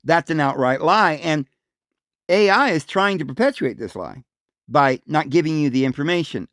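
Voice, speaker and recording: A man's voice: lively intonation, moderate pace, a bit bright, no echo. Emphatic man with a dry close sound. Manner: emphatic, insistent, repeats points; acts out voices calling out a name in raised pitch. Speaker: host. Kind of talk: solo religious talk monologue.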